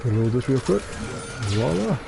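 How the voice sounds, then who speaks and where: Pitched fairly low and moving at a moderate pace, a tired young Scot talks over noisy surroundings while streaming matches. It's loose gaming chatter, rambling and jokey, with plenty of swearing.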